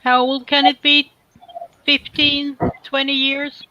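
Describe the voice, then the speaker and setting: A woman's voice: sits high, level tone, slow, sharp tone, dry recording, poor audio. A woman co-hosting a woodworking livestream in casual chat, teasing and talkative. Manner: chatty and teasing.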